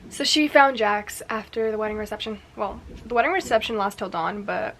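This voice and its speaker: A young woman filming a casual reading vlog, gushing and excitable, full of "like" asides, recorded on a camera mic at home. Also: mid-range voice, brisk, slight background noise. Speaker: book vlogger.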